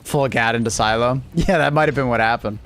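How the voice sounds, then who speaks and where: A man's voice: mid-range voice, a little fast, fairly bright tone. A man chatting casually on a gaming livestream, sleepy and laid-back, swearing and teasing himself as he plays. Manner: profane, laid-back, self-mocking banter. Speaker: streamer.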